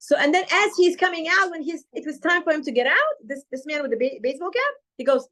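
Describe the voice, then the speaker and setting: A woman teaching a Torah class, retelling a story with lively acted-out dialogue. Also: sits high, fast, few pauses. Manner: animated retelling, acting out quoted dialogue.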